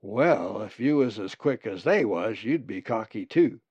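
A man doing a rough, slangy raven. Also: fairly low pitch, animated, measured pace, a little mellow, no echo, dull audio. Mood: swaggering. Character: rough-talking male raven, sly and cocky.

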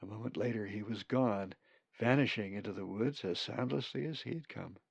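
A man reading a storybook aloud, slow and expressive, his low voice gravelly and a little husky. It is a dry, dull lo-fi recording. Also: dry recording. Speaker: audiobook narrator. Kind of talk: scripted narration.

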